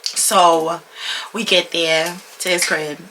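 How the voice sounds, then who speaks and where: A young woman vlogger telling a story in a casual, animated, slangy way, swearing freely. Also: lowish voice, slow, a little hiss or hum.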